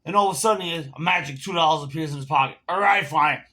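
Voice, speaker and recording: A man's voice: on the high side, very fast, pushed and bright. A man ranting to camera in a casual vlog, telling a heated, profane story while smoking and drinking. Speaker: vlogger.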